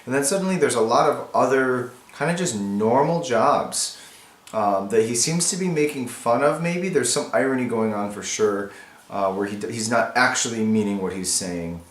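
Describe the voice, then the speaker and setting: Male teacher, mid pitch, talks students through his notes casually; echoey room. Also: moderate pace. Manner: thinking aloud, casual and explanatory. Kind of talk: annotating a text for students.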